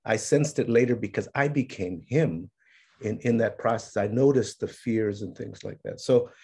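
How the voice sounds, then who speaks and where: Gravelly-voiced man telling stories. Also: fairly low pitch, moderate pace. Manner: mixes in Spanish phrases, many fillers, grows animated when telling family stories. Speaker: speaker sharing his life's work. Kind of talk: reflective storytelling in conversation.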